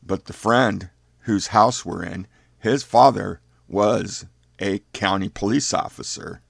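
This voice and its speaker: Older guy, deep raspy fry voice, folksy fireside story. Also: no echo, studio quality. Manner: folksy, unhurried.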